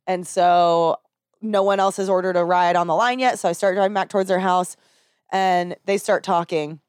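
A woman's voice: on the low side, normal speed, clean tone, no echo, clean studio sound. A young woman, a rideshare driver, telling a story in casual chat and acting out the people in it. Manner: animated, acts out quoted voices with laughter.

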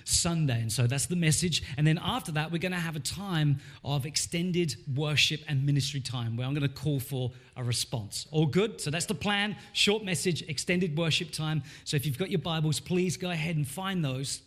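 A male pastor preaching a sermon in a church, animated and rising in emphasis when he reads scripture. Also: on the high side, normal speed, hardly any pauses.

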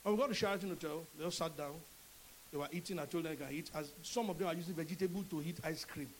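High-voiced Nigerian pastor preaching. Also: male voice, rapid-fire, a little hiss or hum, low-quality recording. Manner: animated preaching, acts out dialogue in changing voices. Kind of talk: sermon.

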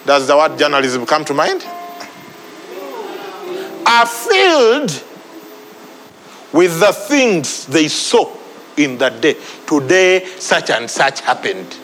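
A man's voice: fairly high pitch, big pitch swings, takes it slowly, long pauses, sharp tone, big-room sound, a little hiss or hum, poor audio. A man preaching a sermon, repeating phrases for emphasis. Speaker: pastor.

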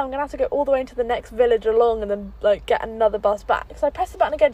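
Young English woman with a higher-pitched voice, recording a rambling podcast chat in a parked car. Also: fast talker, rough recording. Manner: chatty and rambling, lively storytelling. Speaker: podcast host. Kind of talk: casual chat.

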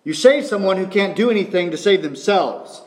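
A man's voice: sits high, animated, normal speed, reverberant. A man preaching a sermon in an earnest teaching tone, asking rhetorical questions as he explains scripture.

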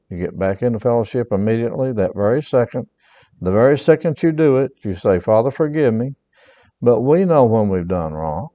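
A man's voice: mid-range voice, mellow. A middle-aged man preaching a sermon as pastor, reading scripture aloud and explaining it in a folksy, repetitive way. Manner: folksy, repeats himself, reads scripture aloud. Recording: dull muffled sound with long reverb.

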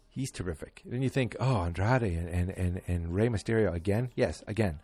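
A man's voice: low-pitched, a little fast, few pauses, a little mellow, husky, no room sound. A middle-aged man hosting a podcast, chatting casually and wryly, rambling with many fillers and self-deprecating asides. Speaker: podcast host. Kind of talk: casual wrestling chat.

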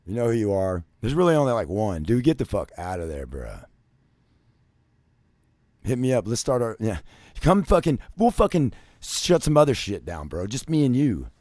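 A man telling a rambling, profane story, cursing constantly and padding his talk with "like" and "you know", swinging between loud ranting and low muttering. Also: big pitch swings, moderate pace, no room sound. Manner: crude, swears constantly, many fillers like "you know". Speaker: vlogger.

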